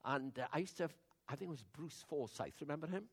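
An older man, preaching in a conversational, storytelling sermon that drops to hushed asides and rises to loud declarations. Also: a little high, fairly quick, breathy edge.

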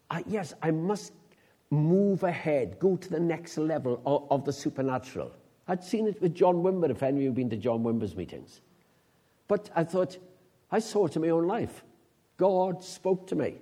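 A man's voice: fairly high pitch, mellow, breathy edge. A middle-aged man preaching an informal sermon, telling stories and making joking asides to the congregation. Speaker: guest preacher.

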